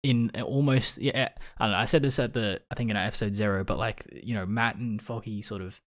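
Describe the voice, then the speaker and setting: Hesitant, low-voiced male podcast co-host. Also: fairly even intonation, fairly quick. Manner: hesitant, searching for words. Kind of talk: casual chat.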